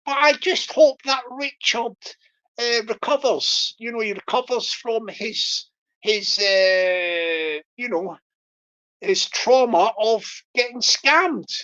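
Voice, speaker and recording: A woman talking casually on a livestream, rambling through her points with false starts and chuckles. Her voice sits somewhat high for a woman. The sound is dull and lo-fi. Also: takes it slowly, fairly bright tone. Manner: rambling, many fillers and restarts, chuckles. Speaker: YouTube livestreamer. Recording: lo-fi dull stream audio.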